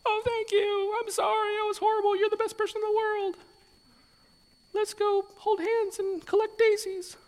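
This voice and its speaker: A man mockingly voicing a gushing, overly apologetic person in a high singsong falsetto. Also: flat delivery, normal speed, poor audio. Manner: mocking, exaggerated sweetness.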